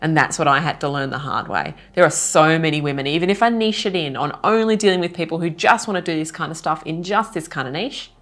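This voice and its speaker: A woman in her thirties, a business coach telling a story casually to camera in an animated, self-mocking way, laughing now and then. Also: low-pitched, fast, few pauses. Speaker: retreat organizer and business coach.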